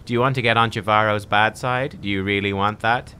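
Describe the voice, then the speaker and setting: A man's voice: on the low side, steady tone, brisk, pushed and bright, slight background noise. A man reading the lines of an angry, crude female demon brothel keeper in a game, in a scornful, insulting manner.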